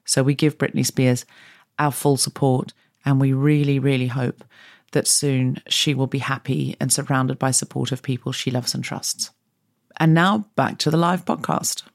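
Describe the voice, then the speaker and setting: A woman podcast host delivers a sincere, measured message. She speaks into a close mic in a very dry space with no room echo. Her tone is earnest and steady. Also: rumbling low.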